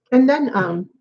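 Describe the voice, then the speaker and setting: Speaking indoors at home, a vlogger addresses the camera casually, drifting from topic to topic and repeating phrases in a mid-range voice that is husky and a touch breathy. The audio is dull and lo-fi, much like a built-in camera mic would capture.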